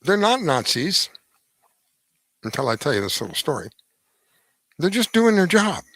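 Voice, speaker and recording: A middle-aged man delivers a rambling radio monologue on a close studio mic with a dry, deadened sound. His voice sits a little high and leaps up and down for emphasis. He often stumbles and restarts mid-sentence. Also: sing-song, normal speed, a bit bright, dry recording, poor audio. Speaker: radio show host. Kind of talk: opinion monologue.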